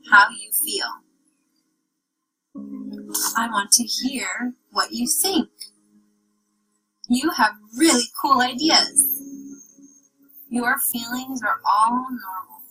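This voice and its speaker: A woman speaks softly and slowly, leading a child through deep breaths and kind affirmations. Her tone is bright and clear, and she often sinks into a gentle half-whisper. Faint music plays in the background. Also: poor audio. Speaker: caregiver guiding a child. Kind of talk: guided relaxation and spoken affirmations.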